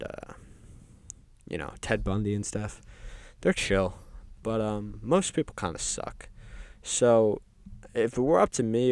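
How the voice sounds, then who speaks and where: A man delivering a rambling, deadpan comedic monologue as a resident of hell, full of ums and offhand asides. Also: fairly low pitch, dry recording. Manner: rambling, deadpan, filler-heavy with frequent ums. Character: resident of hell describing its games. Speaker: comedic podcast host.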